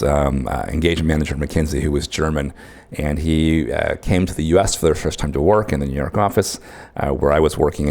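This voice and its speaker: A man's voice: rumbling low, a little mellow. A man teaching an online course in a conversational way, often checking in with his listeners. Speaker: course instructor.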